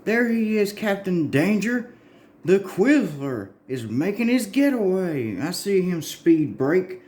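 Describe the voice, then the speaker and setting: A man voicing a hotheaded young male hero sidekick in a comic he reads aloud, in a raised, excited voice. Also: high voice, slow pace, voice pushed up, exaggerated voice. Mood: eager.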